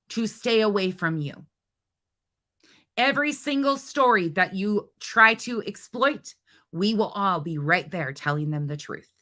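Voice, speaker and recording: Bright and forceful at a medium pitch, this commentary host reacts with indignant, blunt rants. She swears and mocks sarcastically throughout.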